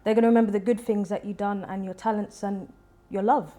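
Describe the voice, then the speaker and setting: A young woman, a singer-songwriter, chatting as a guest in an interview and telling stories with lively quoted voices. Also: medium pitch, fast. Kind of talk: casual interview chat.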